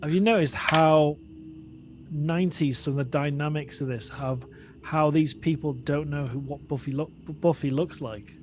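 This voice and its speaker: A man's voice: a little high, fairly even intonation, moderate pace, a little hiss or hum. A man co-hosting a podcast, musing casually and repeating words as he goes. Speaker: podcast co-host. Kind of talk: casual chat.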